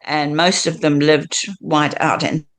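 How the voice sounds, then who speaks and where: A woman's voice: low-pitched, flat delivery, unhurried. An older woman with a blended British, Australian and South African accent, telling her life story as an interview guest, chatty and reminiscing, laughing often. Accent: mixed British, Australian and South African. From Britain.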